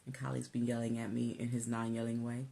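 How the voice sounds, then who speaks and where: A woman co-hosting a casual weight-loss vlog, animated and laughing, tired from a busy week. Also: a little fast, creaky. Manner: animated, laughing, rising pitch when exasperated. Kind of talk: casual chat.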